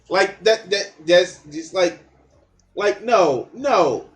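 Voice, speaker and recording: A man's voice: high voice, sing-song, takes it slowly. A man giving blunt, profane reaction commentary on a documentary clip, mocking and laughing at what he hears.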